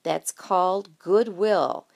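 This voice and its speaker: A woman's voice: mid-range voice, normal speed, a little mellow, close to an everyday voice. A woman voicing an eager, insistent young girl who is competitive and stubborn. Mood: explaining.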